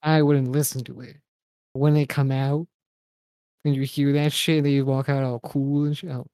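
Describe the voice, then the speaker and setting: Mellow-voiced man, blunt and profane. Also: medium pitch, flat delivery, moderate pace, dry recording, clean studio sound. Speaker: podcast co-host. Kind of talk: casual chat.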